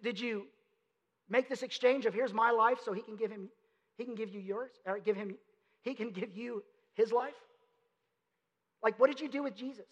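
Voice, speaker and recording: A man's voice: extremely high pitch, muffled recording. A man, a pastor, preaching a conversational sermon full of emphatic rhetorical questions. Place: church sanctuary. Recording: long hall reverb.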